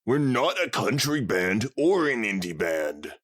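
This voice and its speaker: A man's voice: fairly low pitch, sing-song, unhurried, fairly bright tone, no room sound, studio quality, heavily acted. A man voicing a brash tomboy pony girl who talks in a cocky, taunting way.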